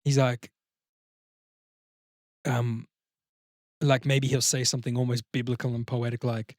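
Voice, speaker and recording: A man's voice: medium pitch, little pitch movement, moderate pace, pauses often, dry recording. Rambling swearing podcast man, dry sound. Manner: rambling, swears often, acts out voices. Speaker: podcast co-host. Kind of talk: casual chat.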